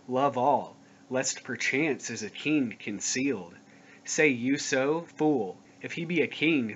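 A man giving a solemn scripture reading, slow, grave and declamatory. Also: mid-range voice, fairly bright tone. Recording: dull lo-fi recording with faint noise.

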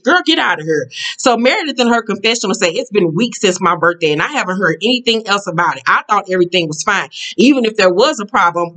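A woman's voice: mid-range voice, a bit bright. A woman vlogger recapping a reality show episode in a sassy, blunt, casual way, swearing freely and laughing at her own jokes.

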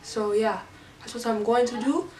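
A middle-aged woman with a slightly high voice rambles playfully through a casual makeup tutorial, often trailing off and starting over. She sounds set back from the microphone, and her voice rings in a roomy space over faint background noise. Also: fairly even intonation, a little mellow. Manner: halting, rambling and playful, with many restarts. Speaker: mother doing a makeup challenge. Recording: roomy echo, a little distant from the mic, faint background noise.

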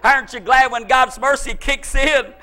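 A male pastor with a very high, bright and forceful voice delivers an impassioned sermon. He often rises to shouting and crying out. His preaching carries intense, pleading fervor. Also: steady tone, moderate pace. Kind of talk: fervent sermon.

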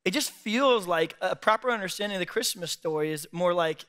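Man preaching, joking sermon, high voice, bright and sharp, church stage. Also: clear, resonant tone. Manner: joking, acts out quick voices, laughs often. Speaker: pastor. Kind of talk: comedic sermon.

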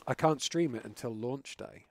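A man's voice: mid-range voice, moderate pace. A British man hosting a live game stream, chatting casually and joking with some swearing. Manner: chatty, swears freely, jokey. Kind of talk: casual chat while gaming live.

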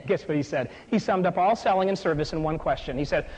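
A man's voice: on the high side, a little fast, a little mellow, husky. A man giving a motivational keynote speech in a conference hall, telling a story with animation and asking the audience questions.

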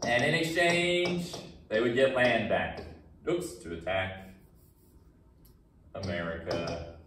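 A male history teacher lectures loosely and casually, slipping into jokey voices to act out countries. His voice sits at a middle pitch. It sounds roomy and slightly off-mic. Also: sing-song, takes it slowly, recorded from a distance, noisy background. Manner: casual, talks to students, acts out countries in silly voices. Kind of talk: recorded classroom lecture.

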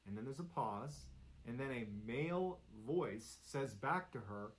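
A man narrating an eerie true story in a steady, suspenseful, detailed way. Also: medium pitch, unhurried, low-quality recording.

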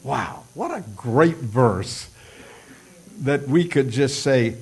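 A man's voice: on the high side, lively intonation, normal speed. A male pastor preaching a sermon, acting out prayers in a raised voice, with folksy asides.

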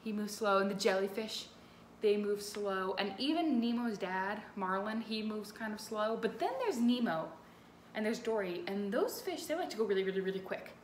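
A woman music teacher giving an animated lesson to young children, talking to them directly and expressively. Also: medium pitch, moderate pace, roomy sound, slight background noise.

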